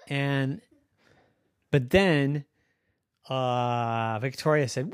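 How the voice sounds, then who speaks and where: A parent spinning a bedtime story off the cuff, playful and unhurried. The voice swoops up and down a lot, recorded dry and close. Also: mid-range voice, very animated, no room sound.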